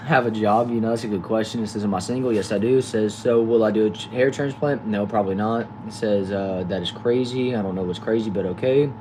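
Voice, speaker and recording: Fast-reading Texan man, noisy shed. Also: on the low side. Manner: rapid reading of comments with short replies. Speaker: livestream host reading chat. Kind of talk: casual livestream chat. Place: back shed. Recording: noisy background hum.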